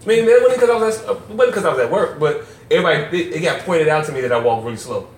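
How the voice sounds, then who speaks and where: Animated laughing man in a roomy space. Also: a little high, very fast, far from the mic, crowd noise. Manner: animated, laughing, stammering restarts. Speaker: podcast co-host. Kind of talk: casual chat. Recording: roomy, from off-mic, faint noise.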